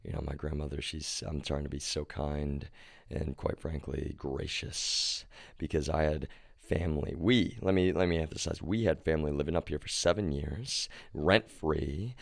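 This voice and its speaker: A man's voice: very deep voice, fairly even intonation, normal speed, vocal fry, dry recording. A man streaming live, ranting in a rambling, agitated way, swearing often and repeating "y'all" and "like.". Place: home.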